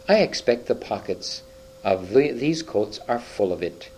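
A man reading aloud, voicing a sensible, practical older girl in a brisk, lightly raised voice. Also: medium pitch, expressive, darkish tone, slight background noise, lightly acted, low-quality recording. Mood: worried.

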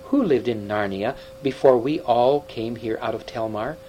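A man reading aloud, voicing an eager, timid boy prince who babbles quickly in a raised voice. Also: medium pitch, dark tone, soft background music, close to an everyday voice, poor audio. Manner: eager babbling, then faltering.

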